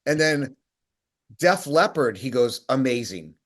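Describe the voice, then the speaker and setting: A man's voice: mid-range voice, expressive, normal speed. A man co-hosting a casual chat, telling stories in a rambling way with many restarts. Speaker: co-host.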